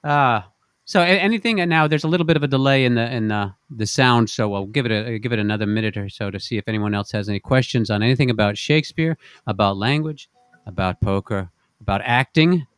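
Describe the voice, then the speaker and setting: A man's voice: mid-range voice, brisk, smooth, dry recording. A man hosting a casual online show, rambling and joking, often repeating words as he goes, over a video call. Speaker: host and singer.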